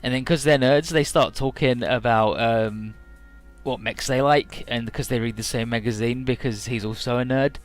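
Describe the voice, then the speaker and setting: A man casually recapping a game's story as a let's-play commentator, full of fillers and swearing, often jumping into quick mock voices for the characters. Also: medium pitch, soft background music.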